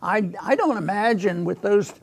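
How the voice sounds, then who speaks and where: Gravelly guy hosting a political chat, high pitched, keeps repeating words. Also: expressive. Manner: halting, repeats words, chuckles through points. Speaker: podcast host. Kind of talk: casual political discussion.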